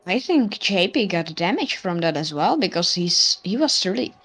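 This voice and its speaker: A woman's voice: fairly low pitch, very animated, moderate pace, fairly bright tone, slightly rough. A woman co-commentating an online sim race on a stream, chatty and teasing. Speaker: co-commentator and steward. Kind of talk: casual sim racing commentary.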